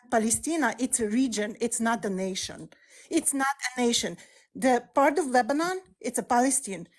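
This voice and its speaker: A woman from Russia, a doctor calling into a live-stream debate, talking insistently and firing off rhetorical questions. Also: high voice. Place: in Europe.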